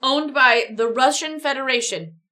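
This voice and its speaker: A woman's voice: high voice, moderate pace, sharp tone. A woman voicing a matter-of-fact phone AI assistant that lists facts, reading aloud from a storybook. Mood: informative.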